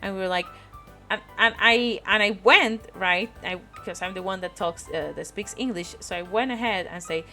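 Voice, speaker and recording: A woman's voice: medium pitch, normal speed, sharp tone, faint music behind. A woman from Spain with a Spanish accent, casually telling a rambling story on stream and often breaking into giggles. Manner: rambling, giggly, frequent laughter.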